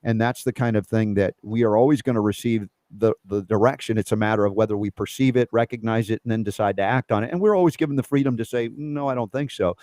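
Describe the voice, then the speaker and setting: A man hosting a casual spiritual conversation, earnest and reflective, sometimes jumping up in pitch as he gets animated. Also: quick pace, few pauses, no room sound. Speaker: host.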